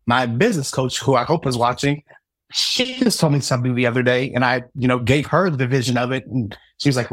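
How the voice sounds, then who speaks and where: Man, thirties, from southern indiana, lively storyteller, acts out quotes, medium pitch. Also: fairly quick, dry recording, studio quality. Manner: animated, acts out quoted dialogue, self-mocking humor. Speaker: podcast guest, psychic reader. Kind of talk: storytelling in casual interview.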